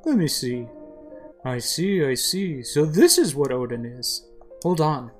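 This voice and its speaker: A woman's voice: low-pitched, sing-song, a little slow, faint music behind. A woman voicing a friendly, helpful male bear who cooks in a video game, upbeat and encouraging. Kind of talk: video game voice-over reading.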